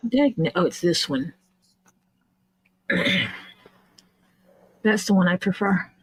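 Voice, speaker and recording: A woman from the southern United States hosting a livestream, bantering and joking in a relaxed way. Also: lowish voice, slow, a little hiss or hum. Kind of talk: casual chat.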